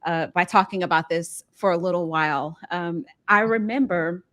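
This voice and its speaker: A woman's voice: lowish voice, normal speed, a bit bright. Heartfelt woman host, near tears. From Ohio, USA. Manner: earnest and heartfelt, holding back tears. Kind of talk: emotional interview chat.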